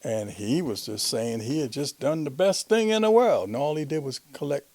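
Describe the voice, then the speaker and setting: Talk show host guy, husky and gravelly, earnest and chatty. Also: mid-range voice, lively intonation, moderate pace, a little mellow, no echo. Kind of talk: casual interview talk.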